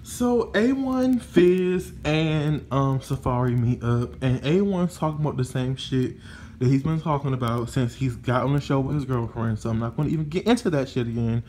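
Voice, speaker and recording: A man casually recapping a reality TV episode, gossipy and animated, swearing freely and filling his pauses with "um" and "you know". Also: medium pitch, a little hiss or hum. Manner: animated, profane, gossipy, many fillers.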